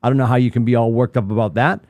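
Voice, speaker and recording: A middle-aged man co-hosting a podcast in casual chat, rambling and animated with lots of restarts. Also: medium pitch, very fast, dry recording. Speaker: podcast co-host.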